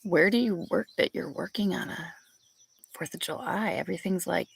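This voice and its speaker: Young woman, gravelly and husky, chatty storyteller, porch vlog with birds outside. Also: on the low side, moderate pace. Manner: chatty, storytelling, laughs often. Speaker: vlogger. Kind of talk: casual chat with live viewers. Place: back porch outdoors.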